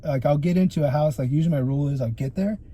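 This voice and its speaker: A young man spins stories as a podcast guest, his voice pitched a bit high but very dark and mellow in tone. He talks casually and with a lot of energy, full of "dude" and swearing. A faint hiss sits underneath. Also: racing. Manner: animated, profane storytelling with lots of "dude" and "like". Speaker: guest photographer.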